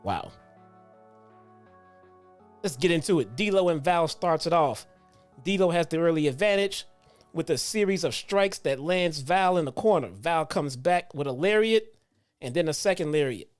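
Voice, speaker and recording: A man hosting a retro review show in a relaxed, profane way. He tells stories with growing animation, slipping in slang and restarts. Faint music plays in the background. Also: a little high, a little slow, long pauses. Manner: casual, profane, animated storytelling. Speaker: host. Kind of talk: casual retro wrestling review.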